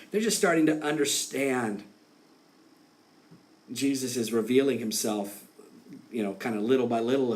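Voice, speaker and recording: A man preaching a sermon in a relaxed, conversational way, acting out quotes and laughing along the way. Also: on the high side. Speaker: pastor.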